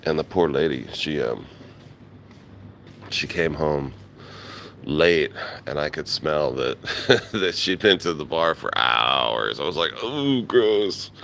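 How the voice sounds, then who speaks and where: A man vlogging live outdoors in the early morning, rambling casually and greeting viewers, his voice rough from just waking up. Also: very deep voice, slow, long pauses, pushed and bright, a little hiss or hum. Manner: rambling, laid-back, greets chat viewers by name. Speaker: travel vlogger. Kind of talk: casual live-stream chat. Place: outdoors in a quiet beach town in the early morning. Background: faint outdoor ambience.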